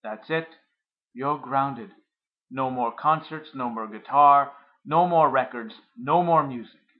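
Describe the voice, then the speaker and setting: A man reading aloud, voicing a stern, domineering father who scolds and commands loudly. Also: medium pitch, lively intonation, moderate pace, narrow, tinny audio, lightly acted. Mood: angry.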